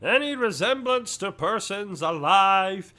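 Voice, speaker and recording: A man's voice: high voice, expressive, takes it slowly, bright, forceful tone, heavily acted. A man playing a meek, dim sidekick who speaks hesitantly and mildly. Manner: hesitant, mild, starts with fillers. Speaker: sidekick co-host.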